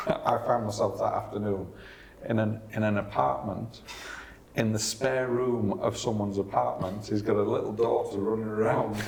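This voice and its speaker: Gravelly low man, chatty host. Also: moderate pace, a little hiss or hum. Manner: animated storyteller, chatty. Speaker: podcast host. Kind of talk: casual conversation, anecdotes. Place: small meeting room at a resort. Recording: echoey room, faint ambience.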